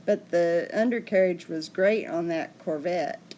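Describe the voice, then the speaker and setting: A woman's voice: fairly low pitch, unhurried, dark tone, slight background noise. A woman hosting a casual livestream, chatting and answering viewer comments. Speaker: livestream host.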